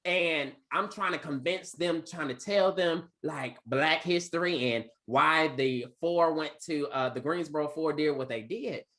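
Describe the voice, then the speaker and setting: A man teacher telling a class a story in an animated, preacher-like cadence with big vocal swings. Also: a little high, unhurried, hardly any pauses.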